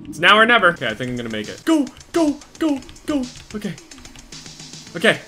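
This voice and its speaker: Excitable swearing young gamer guy. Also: high-pitched, a little fast, faint music behind. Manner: profane, excitable, jumps from muttering to panicked yelling. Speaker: gaming commentator. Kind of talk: live gameplay commentary.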